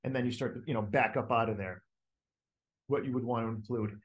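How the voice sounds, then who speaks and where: A man's voice: mid-range voice, fairly quick. A man coaching a group, talking casually with many fillers and restarts and acting out inner voices. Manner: animated, acts out inner voices. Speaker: coach leading a group call. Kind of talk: casual teaching talk.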